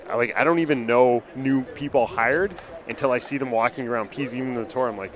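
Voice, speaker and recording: Speaking briskly with few pauses, the male dentist keeps a medium-pitched voice as he hosts his podcast at a conference booth. The busy hall crowd chatters in the background while he talks earnestly and emotionally, often repeating words in casual conversation.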